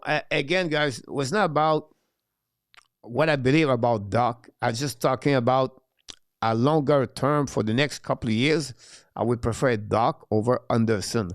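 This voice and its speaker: A French-accented man hosts a live hockey watch-along and answers viewer questions in halting English, pausing often on filler sounds. His voice sits in a middle pitch. The recording is dry, with no room echo. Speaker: live show host.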